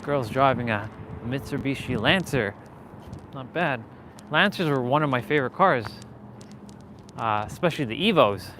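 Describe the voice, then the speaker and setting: A man's voice: mid-range voice, normal speed, pauses often, a little hiss or hum. Rambling young man live-streaming outdoors. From Canada. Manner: rambling, relaxed, many fillers and restarts. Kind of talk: casual live-stream chat while walking. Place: outdoors in a parking lot, then in a car.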